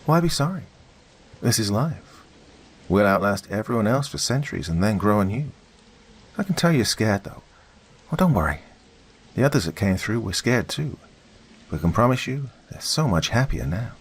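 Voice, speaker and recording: A man voicing a possessed young woman who speaks with calm, creepy cheer. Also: lowish voice, moderate pace, pauses often, slightly rough, exaggerated voice. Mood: eerie calm.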